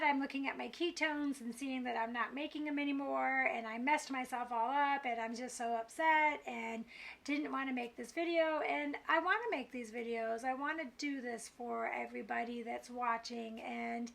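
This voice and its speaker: A woman's voice: sits high, fairly even intonation, normal speed, vocal fry, fairly bright tone. A middle-aged woman talking candidly to camera in a confessional vlog, frustrated and self-critical as she rambles. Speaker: vlogger.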